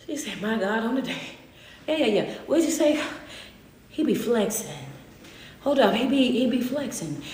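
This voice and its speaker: High-voiced woman preaching with call-and-response. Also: fairly bright tone, reverberant, slight background noise. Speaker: motivational speaker. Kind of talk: preaching sermon.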